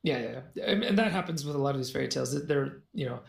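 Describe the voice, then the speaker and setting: Gravelly-voiced man retelling a fairy tale. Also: medium pitch, rapid-fire. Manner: animated, jokey retelling with laughs and asides. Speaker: guest storyteller. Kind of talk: casual storytelling in a podcast conversation. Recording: roomy echo.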